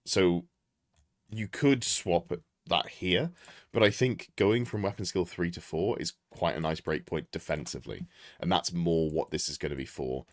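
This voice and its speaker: A man's voice: deep voice, normal speed, no echo, studio quality. A man reviewing a tabletop army list on a live stream, thinking aloud, correcting himself and chatting to viewers. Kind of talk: casual live-stream commentary.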